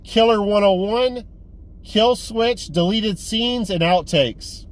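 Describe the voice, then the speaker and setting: Speaking slowly, a man with a rather high voice loosely retells a movie plot as part of a casual haul video. The collector-vlogger swears a lot, restarts his sentences and stays animated and rambling, with faint vehicle noise audible.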